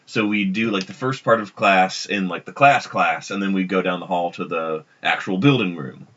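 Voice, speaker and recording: Lo-fi, bright-voiced man telling a story. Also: sits low, normal speed. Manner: rambling, self-interrupting storyteller. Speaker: podcast co-host. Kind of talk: casual storytelling chat. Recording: dull lo-fi podcast audio.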